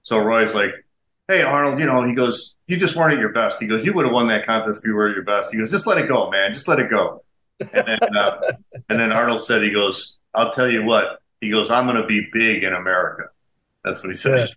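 A man hosting a podcast, telling stories in a casual, animated way and laughing often. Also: fairly low pitch, fairly quick. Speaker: podcast host. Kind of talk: casual interview chat. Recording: echoey room with faint ambience.

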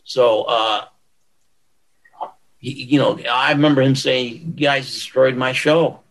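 A man's voice: medium pitch, takes it slowly, gravelly, low-quality recording. A man, a former bodybuilder, telling stories in an interview and acting out what people said. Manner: animated storyteller acting out quotes. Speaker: guest, former pro bodybuilder. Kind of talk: storytelling interview.

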